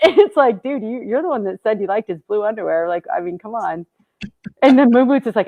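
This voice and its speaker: A woman's voice: mid-range voice, expressive, quick pace, muffled recording. A woman co-hosting a casual livestream chat, telling gossipy stories with frequent giggles. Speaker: stream co-host.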